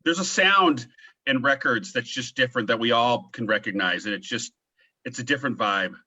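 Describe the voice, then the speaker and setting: A man's voice: medium pitch, moderate pace, sharp tone, husky, no echo. A man co-hosting a casual podcast chat, speaking emphatically and laughing at his own lines. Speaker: podcast co-host. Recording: dull lo-fi audio.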